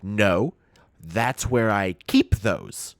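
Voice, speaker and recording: A man's voice: on the low side, drawn-out words, no echo, studio quality. Man doing a devout elderly grandma: prim, matter-of-fact, lightly raised voice.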